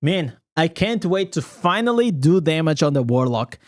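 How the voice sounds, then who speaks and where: A man giving casual, excitable reaction commentary as a gaming content creator, chatty and laughing often. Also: a little high, moderate pace.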